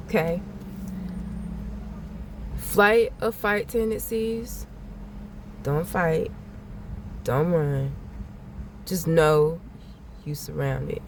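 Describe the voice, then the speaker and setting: A woman's voice: on the low side, drawn-out words, long pauses. Blunt woman warning over traffic noise. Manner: blunt, repetitive, swears freely. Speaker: spiritual vlogger giving a channeled message. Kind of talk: casual spoken warnings.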